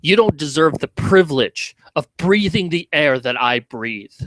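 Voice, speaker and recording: A man's voice: a little high, expressive, a little slow, a bit bright, dry recording. A man hosting a commentary video, ranting in a heated, sarcastic way with heavy swearing.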